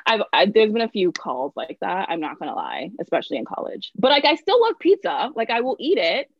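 A woman's voice: mid-range voice, wildly swooping pitch, brisk, breathy edge, dry recording, muffled recording. A young woman telling a personal story in casual podcast chat, talking in a rambling way with lots of fillers and restarts. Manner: chatty, lots of "like" and restarts, laughs through stories.

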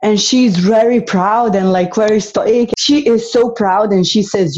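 Interview guest: a woman from Slovenia, earnest and reflective, with a warm, mellow voice over dull lo-fi audio. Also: mid-range voice, measured pace. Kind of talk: casual conversation.

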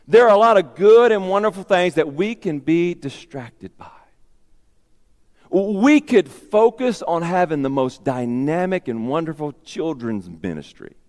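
A man's voice: fairly high pitch, lively intonation, unhurried, a little mellow, in a large hall. A man preaching a sermon as pastor, emphatic and repeating his key phrases.

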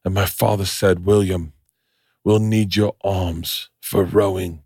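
A man putting on a halting Irish-Scottish survivor. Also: low-pitched, fairly even intonation, a little mellow, husky, no room sound, studio quality, heavily acted. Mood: solemn. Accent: vague Irish-Scottish put-on. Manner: halting, solemn storytelling. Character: grown male survivor recounting an ordeal at sea.

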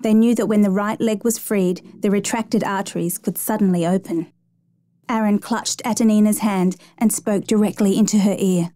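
A woman reading a true rescue story aloud in steady, measured scripted narration, lightly voicing the quoted lines. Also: mid-range voice.

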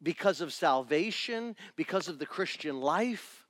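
High-voiced, animated male pastor preaching. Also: a little slow, no room sound, clean studio sound. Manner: animated, acts out family scenes in different voices. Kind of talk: sermon. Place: church.

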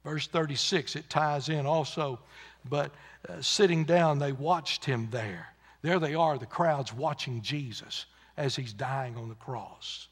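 A fairly high-voiced man preaches a sermon from the pulpit. He drives his points up into loud, emphatic runs, then drops to hushed asides. His voice rings out with a long church reverb.

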